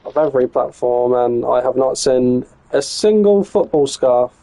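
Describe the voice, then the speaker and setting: Casual English male streamer, gravelly and mellow, muttering play-by-play with the odd swear. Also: medium pitch, lively intonation, unhurried, rough recording. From England. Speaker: live streamer. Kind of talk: casual gameplay commentary.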